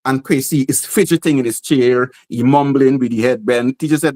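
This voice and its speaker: A Guyanese playwright with a Guyanese accent, telling animated stories in an interview and acting out the voices of the people in them. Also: male voice, medium pitch, brisk, rough recording. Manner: animated, acts out quoted voices. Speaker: playwright guest. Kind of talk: interview storytelling.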